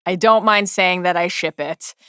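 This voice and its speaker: A woman's voice: on the low side, moderate pace, fairly bright tone, clear, resonant tone, dry recording, clean studio sound. A woman co-hosting a pop-culture podcast, recapping scenes eagerly and laughing often. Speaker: podcast co-host.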